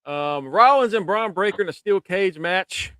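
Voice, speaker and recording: Smooth-voiced laid-back man. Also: high-pitched, lively intonation, moderate pace, a bit bright, no room sound. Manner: laid-back, swears casually, frequent ums. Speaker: podcast co-host. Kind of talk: casual wrestling recap chat.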